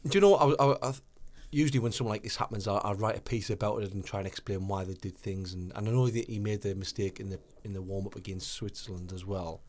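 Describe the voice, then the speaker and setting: A man's voice: on the low side, steady tone, quick pace, few pauses, darkish tone. Hesitant man talking goalkeeping. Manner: hesitant, repeats words, then explains in detail. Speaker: podcast co-host. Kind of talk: casual chat about goalkeeping.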